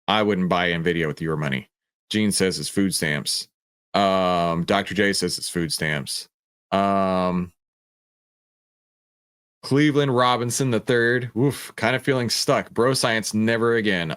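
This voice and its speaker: Casual low-voiced stock stream host. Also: male voice, a bit bright, no room sound, studio quality. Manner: casual, joking, reads chat comments aloud. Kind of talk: livestream stock analysis.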